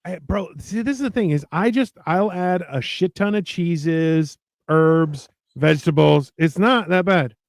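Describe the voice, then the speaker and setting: A man's voice: a little high, measured pace, creaky, no echo. A middle-aged man co-hosting a cooking stream, chatting casually, swearing and acting out the lines of people in his stories. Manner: animated storyteller, swears, acts out quoted lines. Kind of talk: casual chat while cooking.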